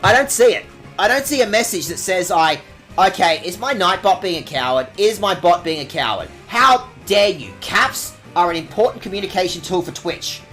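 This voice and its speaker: A man's voice: high voice, big pitch swings, moderate pace, fairly bright tone, soft background music. A man streaming a video game, ranting with playful mock outrage and lots of swearing. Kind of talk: casual game stream commentary.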